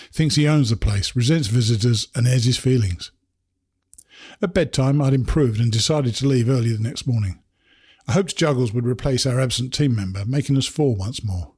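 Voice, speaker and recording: An English man reading his own hiking memoir aloud in a measured, reflective way. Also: mid-range voice, a little mellow, slightly rough, no echo, clean studio sound. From England. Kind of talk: first-person memoir narration.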